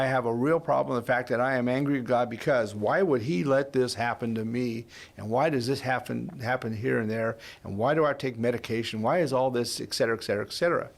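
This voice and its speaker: Telling a heartfelt personal story on his faith podcast, this sixty-something host wanders and frequently starts over, in the manner of a conversational interview. He has a gravelly voice of medium pitch.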